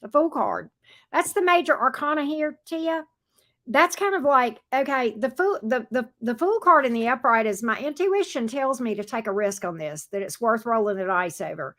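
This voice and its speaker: A woman's voice: a little high, lively intonation, moderate pace, a bit bright. A woman hosting a live tarot reading stream, chatting casually with viewers, greeting them by pet names and talking through the cards with many fillers and restarts.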